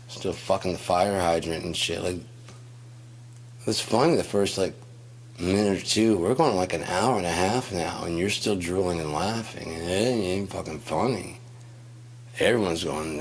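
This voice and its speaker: A man's voice: low-pitched, normal speed, slight background noise. A man in a casual monologue, telling stories in a rambling, profane way and acting out quotes. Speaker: host.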